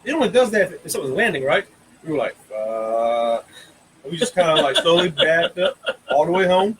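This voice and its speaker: A man from recounts a strange night with animated energy, stumbling over repeated words when excited. His voice sits a little high for a man. A faint background hiss runs under the talk. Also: fast talker, low-quality recording. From North Carolina. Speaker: guest co-host. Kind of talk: casual storytelling.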